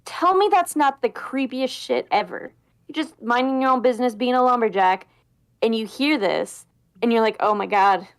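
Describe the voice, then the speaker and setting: A woman's voice: on the high side, normal speed. A woman from Minnesota, chatting casually on a podcast and telling a creepy story with lots of fillers. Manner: animated storyteller, hesitant fillers. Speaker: podcast guest. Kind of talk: casual chat.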